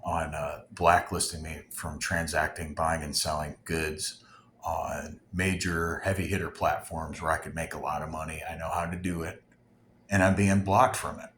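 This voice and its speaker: A man's voice: low voice, fairly bright tone. A man vlogging in an angry, unscripted rant, heated and profane, rambling with many restarts and sometimes dropping to a near whisper. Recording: roomy echo, faint background noise.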